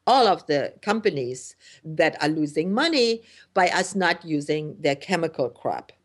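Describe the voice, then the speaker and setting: A woman's voice: low voice, sing-song, a little slow. A middle-aged woman from Germany hosting a radio talk show, talking in an indignant, emphatic way with many fillers and restarts. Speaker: host.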